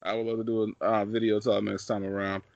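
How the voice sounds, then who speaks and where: A man hosting a podcast, animated and jokey, chatting casually with his guest. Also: lowish voice, fast, gravelly, no room sound, dull audio. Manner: animated, jokey, breaks into silly put-on voices. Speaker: podcast host. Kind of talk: casual chat.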